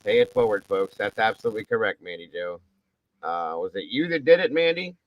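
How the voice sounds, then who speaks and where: A man's voice: lowish voice, lively intonation, brisk, no room sound, muffled recording. A man hosting a casual livestream, reading out where viewers are from in a chatty, upbeat way with casual swearing. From Ohio. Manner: reads out viewer shoutouts, chatty. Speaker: livestream host.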